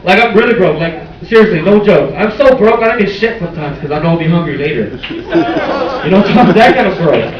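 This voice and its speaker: A man's voice: high-pitched, a little fast, distant mic, lo-fi sound. A man doing a bold, crude stand-up set on a small club stage, with the audience laughing behind him. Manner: bold, crude, lively delivery with sung parody bits. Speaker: stand-up comedian. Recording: echoey club recorded from afar, loud crowd. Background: audience laughter and cheers.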